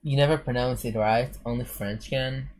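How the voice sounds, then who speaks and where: A man streams casually while building a game level, rambling, answering his chat, and mangling French phrases. His voice is medium-pitched and a little mellow, with a steady tone and moderate pace.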